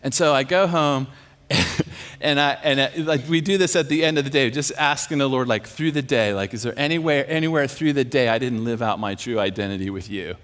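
A preacher telling a story in a sermon. He is animated and self-mocking, and he often laughs as he talks. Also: medium pitch, fairly quick.

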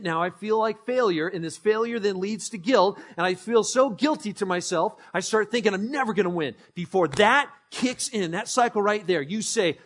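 With a high, expressive voice at normal speed, the pastor preaches with hardly any pauses. He is emphatic, repeats phrases, drives call-and-response with the congregation, and shifts from hushed to ringing.

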